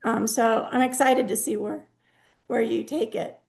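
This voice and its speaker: A woman's voice: a little high, fairly even intonation, unhurried, creaky, darkish tone. A woman hosting an online talk over a video call, friendly and informal, losing her voice. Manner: friendly, informal, scattered announcing. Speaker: event host.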